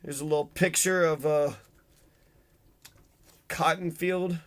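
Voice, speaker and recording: A man's voice: on the high side, steady tone, slow pace, fairly bright tone. A man casually commenting on history, irreverent and sarcastic, swearing freely and reacting to quotes he reads aloud. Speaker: history channel host.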